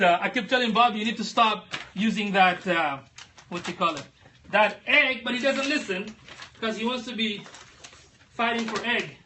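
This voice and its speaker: A chatty man hosts a casual livestream, calling out viewers by name and laughing often. His voice sits high and sounds very bright and forceful. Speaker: livestream host.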